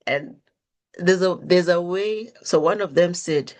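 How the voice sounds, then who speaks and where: A woman's voice: on the low side, measured pace. A woman hosting a podcast, telling stories in a conversational way and acting out the quoted dialogue with changing intonation. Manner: animated, acts out quoted dialogue with shifting intonation. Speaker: podcast host. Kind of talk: conversational storytelling monologue.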